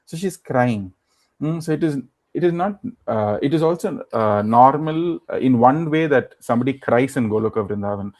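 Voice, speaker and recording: A man preaches by retelling a sacred story, pausing on fillers and slipping into the characters' words. His voice is mellow and relaxed, sitting at an ordinary middle pitch for a man. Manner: retells scripture as a story, acting out quoted lines, many fillers. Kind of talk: storytelling sermon.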